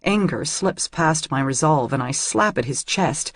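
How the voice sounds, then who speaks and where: A woman's voice: low voice, expressive, unhurried, no echo. A woman narrating a first-person audiobook in an intimate, emotional reading on a close studio mic.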